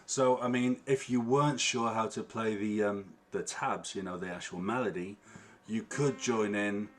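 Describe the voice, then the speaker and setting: Chatty harmonica teacher, a man with a lowish voice. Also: moderate pace. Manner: chatty, checks in with frequent "yeah?". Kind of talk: online music workshop. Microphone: online stream with latency. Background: guitar playing.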